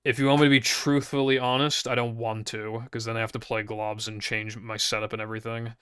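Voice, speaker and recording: A man's voice: medium pitch, flat delivery, brisk, a bit bright, clear, resonant tone, no echo. A young man chatting casually to his stream viewers, rambling and hesitant with frequent fillers and casual swearing.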